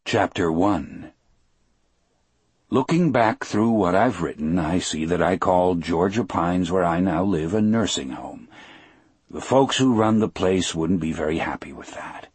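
A man's voice: sits low, unhurried, a little mellow, husky, dry recording. A man reading a novel aloud as a first-person audiobook narration, telling it dramatically.

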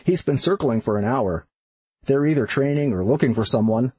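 A man's voice: mid-range voice, normal speed, a little mellow, husky, dry recording, natural voice. A man voicing an easygoing male hiking buddy with a Boston accent, talking bluntly and matter-of-factly.

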